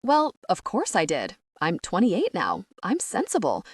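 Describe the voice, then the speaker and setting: A woman's voice: fairly low pitch, huge pitch swings, husky, dry recording, studio quality, heavily acted. A British woman voicing a panicky, incredulous young woman of twenty-eight who has lost her memory. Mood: flustered. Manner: panicky, incredulous, quick bursts.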